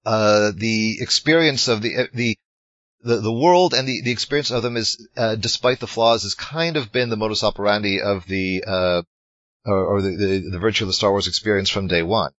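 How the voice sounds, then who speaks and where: A man's voice: fairly low pitch, moderate pace, a bit bright, no echo. A man co-hosting a film podcast, talking in casual discussion with many fillers and restarts. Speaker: podcast co-host. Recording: dull lo-fi sound.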